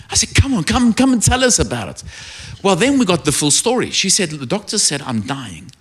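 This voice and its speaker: A middle-aged man preaches a sermon in a lively, swooping voice that sits a little high for a man. He tells his stories with animation and builds up to shouted praise.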